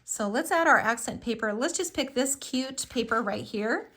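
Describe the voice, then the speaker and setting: A middle-aged woman with a fairly high voice walks viewers through a live craft project. She chats along enthusiastically, filling pauses with little ums as she works. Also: animated, bright, forceful tone. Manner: chatty and enthusiastic, with frequent fillers. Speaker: crafting tutorial host.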